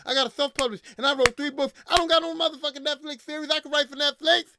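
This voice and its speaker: A man's voice: very high-pitched, fairly even intonation, fast, pushed and bright, dry recording, clean studio sound. A man hosting a podcast, ranting in casual, profane, slangy talk, repeating himself, a little drunk. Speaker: podcast host.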